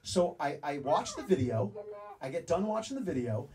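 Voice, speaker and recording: A man's voice: a little high, big pitch swings, moderate pace, distant mic, crowd noise, poor audio. A man telling a story to a live audience, acting out both sides of a back-and-forth conversation. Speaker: speaker telling a story on stage. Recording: stage talk from afar with audience.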